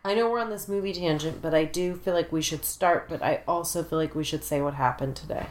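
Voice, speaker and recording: A woman's voice: deep voice, fairly quick, reverberant. A woman co-hosting a podcast, telling a story in a playful, joking way. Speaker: podcast co-host. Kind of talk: casual chat.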